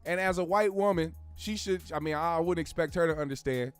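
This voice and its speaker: Male host, high voice, blunt profane commentary over faint music. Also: brisk, smooth, no echo. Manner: heated, blunt, swears a lot, slangy. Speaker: show host.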